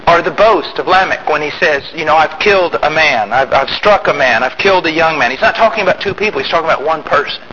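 A man preaching a sermon, emphatic, swinging from loud rising outbursts to quiet low asides. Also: animated, fast talker, few pauses, highs cut off, a crowd in the background.

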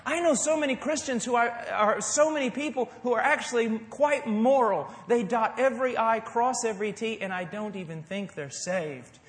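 Impassioned high-voiced male preacher, echoey hall. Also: normal speed, few pauses. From United States. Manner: impassioned preaching, swinging between loud emphasis and hushed tenderness. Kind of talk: sermon. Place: church service before a congregation.

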